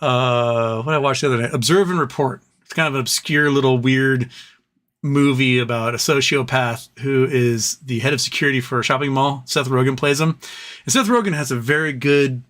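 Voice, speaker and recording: A man's voice: mid-range voice, normal speed, a bit bright. A man hosting a casual livestream, reading viewer messages aloud and joking and rambling between them. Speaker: livestream host reading super chats.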